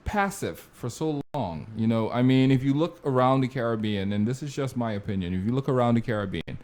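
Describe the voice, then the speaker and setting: A man's voice: mid-range voice, animated, a little fast, darkish tone. A man hosting a panel discussion, asking questions in a conversational way. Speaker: host.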